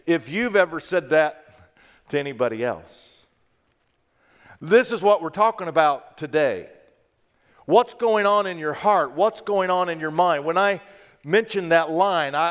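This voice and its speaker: A man's voice: on the high side, fairly bright tone, in a large hall. A man preaching a sermon as pastor, telling a story and talking directly to the congregation in a conversational way. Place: church sanctuary.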